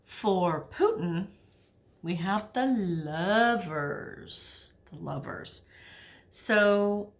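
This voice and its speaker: Lowish-voiced woman chatting through a tarot reading, goes all hushed while shuffling. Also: extremely slow. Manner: chatty, animated, drops to near-whisper while shuffling. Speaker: tarot reader. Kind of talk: casual tarot reading to camera.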